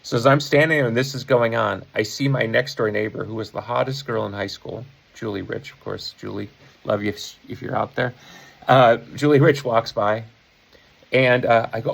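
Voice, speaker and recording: A man's voice: mid-range voice, fairly even intonation, normal speed, creaky, rough recording. A man in his fifties from the Chicago area, telling a casual anecdote in a rambling, self-correcting way with chuckles. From Chicago area, USA. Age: 50s. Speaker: rock musician. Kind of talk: casual anecdote told to camera.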